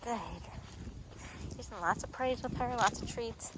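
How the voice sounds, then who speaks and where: Over a noisy background, a young woman dog trainer talks at a normal speed in an instructional video filmed in a park. She walks viewers through the training steps and bursts into high-pitched praise whenever the dog does well.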